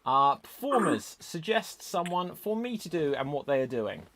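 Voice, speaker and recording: A man's voice: fairly high pitch, sing-song, fairly bright tone. Chatty man hosting a live improv stream. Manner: chatty, brisk, self-deprecating. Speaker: host of improv comedy stream.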